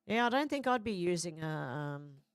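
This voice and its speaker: A woman's voice: on the low side, animated, normal speed, clear, resonant tone, no room sound, studio quality. A middle-aged woman hosting a casual live chat, reading viewer comments aloud and reacting with frequent laughs. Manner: chatty, laughs often, reads comments aloud.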